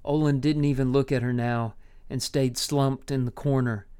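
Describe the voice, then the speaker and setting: A man reading a story aloud in measured, unhurried audiobook narration. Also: medium pitch, fairly even intonation, warm tone, smooth.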